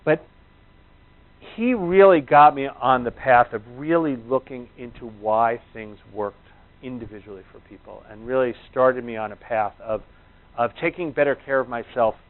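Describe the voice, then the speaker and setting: A man's voice: medium pitch, normal speed. Man telling stories over a tinny line. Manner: rambling, conversational storytelling. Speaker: chiropractor giving a workshop talk. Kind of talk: anecdotal talk to a live audience. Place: talk before a live audience. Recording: tinny, phone-like narrow sound.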